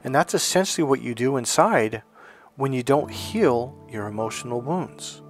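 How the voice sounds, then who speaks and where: Animated man giving a motivational talk. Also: medium pitch, normal speed, faint music behind. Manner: animated and conversational, acts out quotes. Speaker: self-help speaker. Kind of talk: motivational talk with personal stories.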